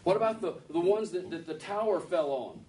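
Here a man delivers a sermon in a lively, slightly fast manner, his high-pitched voice a touch mellow. He talks conversationally and keeps posing rhetorical questions to his audience. A distant mic captures him along with faint background noise.

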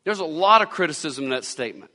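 A man delivers a sermon from the pulpit, circling back and repeating lines to drive his point home. His voice is bright and sits slightly high, and it rings out with a long reverb from the church around him. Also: expressive, fast. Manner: preaching with repetition and rising emphasis. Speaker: pastor. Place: church sanctuary.

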